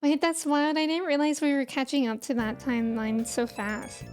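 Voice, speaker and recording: A young woman with a high, bright-sounding pitch chats casually through a desk mic while streaming a video game. She answers chat and thanks viewers, with faint game music running behind her. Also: level tone, moderate pace. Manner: chatty, reads chat aloud and thanks viewers.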